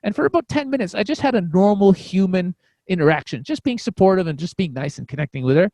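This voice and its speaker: A comedian on a podcast telling a story in a casual, rambling way, full of fillers and restarts. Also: male voice, high-pitched, animated, fast talker, warm tone, no room sound. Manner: acts out quoted voices.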